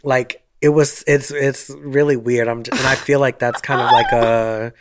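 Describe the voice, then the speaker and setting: A young man with a medium-pitched voice holds forth in loose podcast chat. He tells stories with plenty of animation, acting out other people's lines and swearing freely. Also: moderate pace. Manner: animated storytelling, swearing, acts out quotes. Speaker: podcast co-host. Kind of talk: casual chat.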